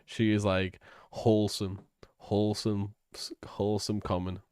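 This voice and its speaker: A man's voice: on the low side, flat delivery, measured pace, darkish tone, clear, resonant tone, no room sound, clean studio sound. A man giving rambling, crude, hesitant commentary on a livestream.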